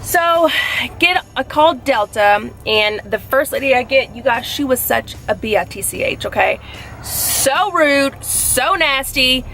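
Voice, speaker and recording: A young adult woman vlogging casually, retelling a frustrating phone call with animated indignation. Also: high-pitched, measured pace. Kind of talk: casual vlog storytelling.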